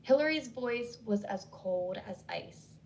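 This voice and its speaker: A woman narrates a horror story at a measured, steady pace. Her voice sits a little high. A faint hiss runs under the reading. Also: low-quality recording.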